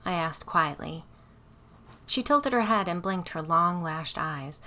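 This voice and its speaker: A woman narrating a first-person supernatural story in a measured, even way. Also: on the low side. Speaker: audiobook narrator.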